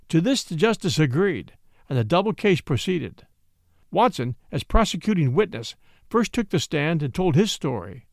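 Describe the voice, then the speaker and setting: Male storyteller, high lively voice, expressive audiobook read, dry close sound. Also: normal speed, dry recording. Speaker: story narrator. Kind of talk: audiobook reading.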